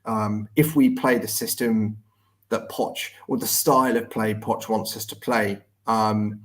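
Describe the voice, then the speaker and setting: A man's voice: on the low side, fairly even intonation, measured pace. A man co-hosting a casual football chat on a live stream, conversational and often repeating words as he starts a thought.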